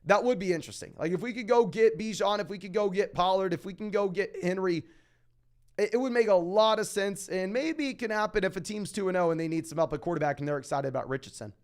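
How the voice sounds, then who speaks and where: A young man hosting a casual fantasy football Q&A, reading out viewer questions and answering them in a quick, emphatic way. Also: high-pitched, clean tone. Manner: fast, emphatic, calls listeners "my man". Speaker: fantasy football podcast host.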